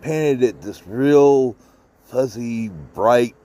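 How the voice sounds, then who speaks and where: A man's voice: mid-range voice, very slow, dark tone. A man leaving a recorded voice message for a radio show, telling a story in a laid-back way.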